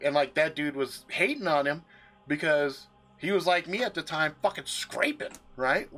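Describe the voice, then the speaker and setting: A man hosts his own livestream from a room stocked with gear and vents to his viewers. His voice sits a little high and sounds bright and cutting. His pitch swings widely as he curses and talks in an emphatic, casual way, with faint music underneath. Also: normal speed. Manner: profane, animated and emphatic. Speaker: livestream host.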